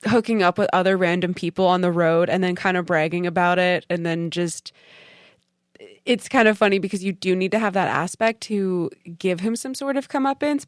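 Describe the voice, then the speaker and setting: A woman's voice: on the low side, no room sound, studio quality. A woman co-hosting a podcast, chatting casually about a film in a rambling way with lots of fillers. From Canada. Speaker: podcast co-host.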